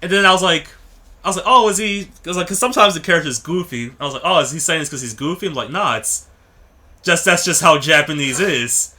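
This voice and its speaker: A man's voice: a little high, fast talker, bright, forceful tone. A young man who teaches, co-hosting a casual podcast chat, laughing often and telling anecdotes with acted quotes. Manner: laughs a lot, tells stories with acted quotes.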